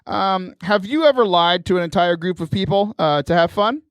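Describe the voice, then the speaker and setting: Man, podcast host, animated storyteller, high voice, dry close sound. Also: moderate pace, smooth, no room sound. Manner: animated storyteller, laughs often. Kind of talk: casual chat.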